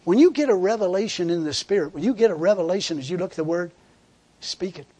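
A man's voice: high-pitched, animated, fast talker, mellow, breathy edge. A man preaching a sermon in a fervent, conversational way, repeating words and laughing as he tells a story.

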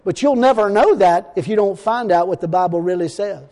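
A man preaching a folksy, emphatic sermon, slowing down to quote scripture. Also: high-pitched, darkish tone, big-room sound.

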